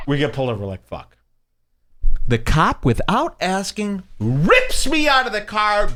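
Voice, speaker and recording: Speaking slowly with frequent pauses, a middle-aged man from the Chicago suburbs, USA, hosts a podcast in a slightly high voice over faint background noise. He's an animated storyteller in casual chat who acts out quotes.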